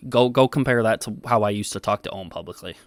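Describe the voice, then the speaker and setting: A man's voice: on the low side, quick pace, no echo. A man hosting a livestream, arguing with his chat in casual, profane, defensive talk and reading comments aloud. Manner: defensive, swears often, reads chat aloud. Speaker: livestream host.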